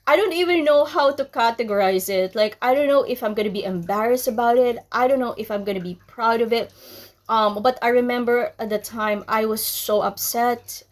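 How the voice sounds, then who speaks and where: A young woman from the Philippines telling a personal story to her viewers, candid and chatty, full of ums and likes. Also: on the high side. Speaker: vlogger. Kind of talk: casual storytelling to camera.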